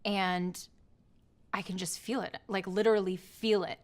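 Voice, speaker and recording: A woman's voice: mid-range voice, fairly even intonation, measured pace, close to an everyday voice. An actress playing an anxious, complaining woman. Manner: emotional, complaining. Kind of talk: comedic short film acting.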